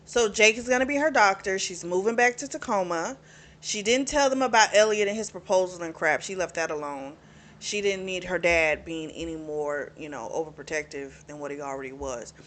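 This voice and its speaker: With a fairly low, slightly bright voice, a female book reviewer retells a novel in a relaxed, talkative manner. She laughs often, fills gaps with "like" and "you know," and quickly acts out what the characters say.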